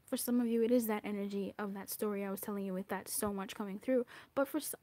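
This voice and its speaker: A tarot reader gives a casual, animated card reading in a medium-pitched voice at a quick pace, with no echo. She's chatty and swears, slips into whispers, and acts out little asides.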